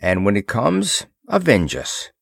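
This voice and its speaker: A man's voice: fairly low pitch, a little slow, vocal fry, no room sound, studio quality, exaggerated voice. A man voicing an easygoing, loyal male sidekick who speaks mildly and wryly. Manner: mild, wry, relaxed speech.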